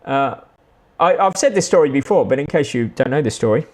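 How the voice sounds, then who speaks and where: A man's voice: mid-range voice, lively intonation, fairly quick. A middle-aged Australian man with an Australian accent, chatting casually and rambling through anecdotes with frequent restarts. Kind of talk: casual storytelling monologue.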